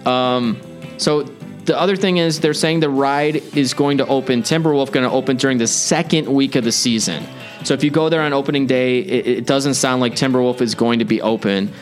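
A man's voice: medium pitch, fairly quick. Male podcast host, eager and rambling, mid-range voice, faint music behind. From Chicago area. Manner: enthusiastic, rambling, chatty. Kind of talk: casual podcast chat.

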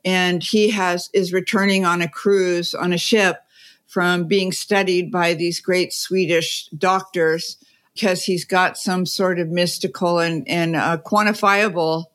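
A woman guest on a conversational podcast, telling stories in a chatty way and laughing as she goes. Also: on the low side. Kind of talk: conversational storytelling.

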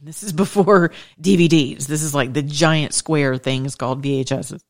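A woman minister preaching with fervent testimony, swinging between loud declarations and hushed asides. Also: low-pitched, fairly even intonation, moderate pace, hardly any pauses. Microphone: studio microphone.

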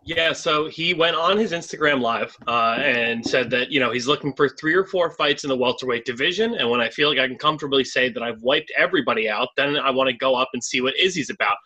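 A man co-hosting a podcast, recapping news in a measured, somewhat hesitant way. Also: mid-range voice, sharp tone. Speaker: podcast co-host. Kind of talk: casual podcast chat.

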